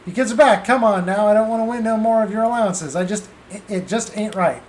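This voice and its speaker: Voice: medium pitch, fast, darkish tone, lightly acted. A streamer voicing a crooked adult male gambler who puts on a folksy drawl, reading game dialogue aloud. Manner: drawling, folksy, calls everyone son.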